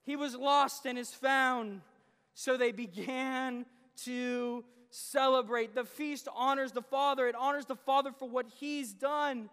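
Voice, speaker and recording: A man with a very high voice preaches a guest sermon in a church sanctuary. He delivers it with animation, voicing the father's lines as he tells the story. The sound carries the long reverb of the hall. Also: measured pace, a bit bright, smooth.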